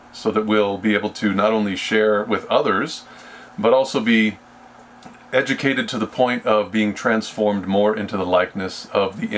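Low-voiced man teaching a Bible study. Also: a little hiss or hum. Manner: slow and deliberate, with frequent restarts.

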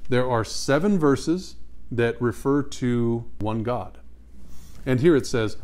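A man teaching a Bible study. He reads scripture slowly and with emphasis and puts questions to his listeners. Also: medium pitch, darkish tone.

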